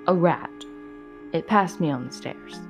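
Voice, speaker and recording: A woman's voice: fairly low pitch, a little slow, soft background music, natural voice. A woman voicing a frightened old husband who speaks in shaky, hesitant tones in a storybook reading. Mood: shaking. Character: fearful, trembling old man, timid husband.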